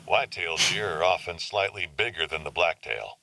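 A gravelly hunting guide. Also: male voice, sits low, a little fast, pushed and bright, full character voice, poor audio. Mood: instructive. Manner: folksy, instructive. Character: gruff male hunting guide in the game. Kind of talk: game dialogue.

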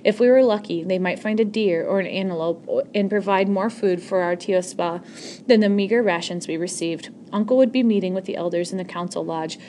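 Brief: woman, middle pitch, earnest novel reading, frequent slips and restarts. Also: brisk, warm tone, a little hiss or hum. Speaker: audiobook reader.

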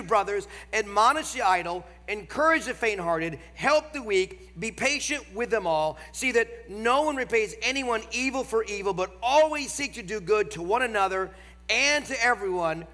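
Nasal man with a Northern American accent preaching in a large church; emphatic, slows on key lines, bright edge, reverberant hall. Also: high voice. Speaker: guest preacher. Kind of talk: sermon.

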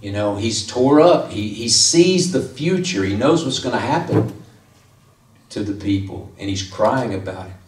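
A man's voice: lowish voice, lively intonation, measured pace, darkish tone, slight background noise. A man preaching a conversational sermon as pastor, lifting his voice to stress key points. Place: church sanctuary. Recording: echoey room from far off.

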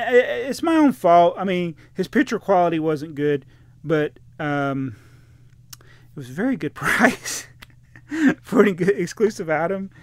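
A toy collector vlogger with a fairly high-pitched voice rants casually about damaged packaging while unboxing toys, chatty and exasperated. He reads viewer comments aloud, and there's no room sound.

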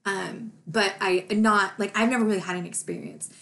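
A woman's voice: mid-range voice, fairly even intonation, moderate pace, creaky, bright, forceful tone. A woman YouTuber in her thirties talking emotionally to her viewers, laughing through grief. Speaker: true crime YouTuber. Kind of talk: personal vlog talk to camera.

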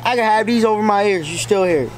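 A man's voice: high-pitched, quick pace. A man in casual banter, defensive and joking as he protests his friends' teasing. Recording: noisy background.

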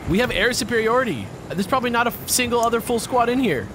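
A man's voice: very high-pitched, lively intonation, fast, noisy background. A man co-hosting a let's play, chatting casually and playing the confident pilot. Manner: upbeat, plays the confident pilot. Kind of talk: casual gaming banter.

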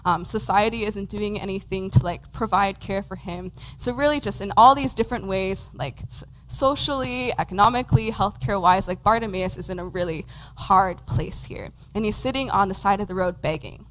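A woman's voice: medium pitch, moderate pace, a bit bright, a little hiss or hum, rough recording. A woman preaching a conversational sermon in a church, talking casually with lots of "um" and "like". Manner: casual, many fillers like "um" and "like". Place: church hall with a congregation.

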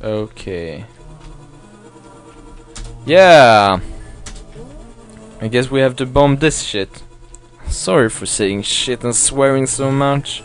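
A man's voice: medium pitch, lively intonation, slow, long pauses. A man giving casual, rambling commentary while playing a video game, often swearing and apologizing. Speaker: let's play gamer. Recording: faint game music behind.

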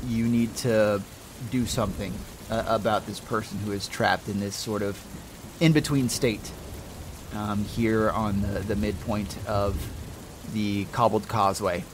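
A man narrating a tabletop role-playing game as game master, slow and descriptive with frequent restarts. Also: on the low side, noisy background.

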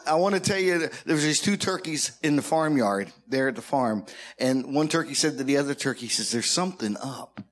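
A man's voice: fairly high pitch, brisk. A man preaching in a church as pastor, talking conversationally and joking with his congregation. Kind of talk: sermon.

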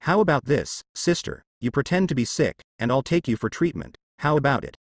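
A man's voice: mid-range voice, sing-song, fairly quick, no room sound. Guy doing sweet-talking big sister, sly, dry close sound. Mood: coaxing. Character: coaxing young woman, an older sister.

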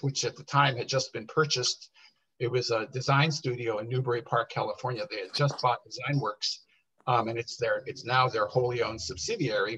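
Man in the middle pitch range, animated storyteller at a workshop, husky edge. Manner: animated, quotes people in lively bursts. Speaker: workshop speaker. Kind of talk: storytelling talk. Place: workshop room. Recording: dull lo-fi workshop recording.

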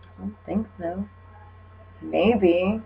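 A woman's voice: fairly low pitch, very slow, vocal fry. A young woman, slightly tipsy, giving casual comedic commentary in a rambling, filler-heavy, wry way. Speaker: video creator. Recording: dull lo-fi recording with mains hum.

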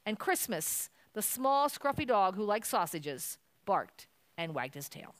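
A woman's voice: medium pitch, very animated, measured pace, no echo. A woman reading a children's Christmas story aloud at a church service, telling it expressively.

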